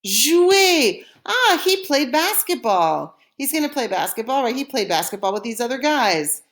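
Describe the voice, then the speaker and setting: A woman's voice: fairly high pitch, sing-song, moderate pace, a bit bright. A woman teaching a recorded French lesson, explaining step by step with patience and modeling pronunciation for learners to repeat.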